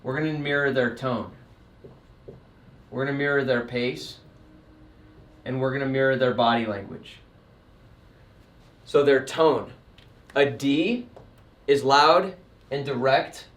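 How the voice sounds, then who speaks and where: A man giving a casual sales lesson in a middle-pitched voice, emphatic and conversational. He sounds a little distant from the microphone. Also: slow pace, pauses often, fairly bright tone, roomy sound. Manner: conversational and emphatic, acts out customer types. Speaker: sales trainer and painting business owner. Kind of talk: casual instructional talk. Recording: voice a bit distant from the mic.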